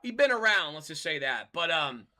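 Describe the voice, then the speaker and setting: A man with a high, piercingly bright voice talks in casual chat. He defends his view in halting bursts, repeating words as he goes. His pitch swings widely from line to line. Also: sing-song.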